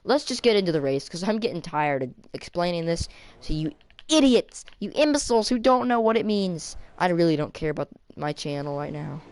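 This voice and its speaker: Rambling, excitable woman gamer. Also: fairly low pitch, a little fast, poor audio. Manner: excitable, rambling, self-mocking, sudden outbursts. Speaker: gaming video creator. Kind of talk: rambling let's-play commentary.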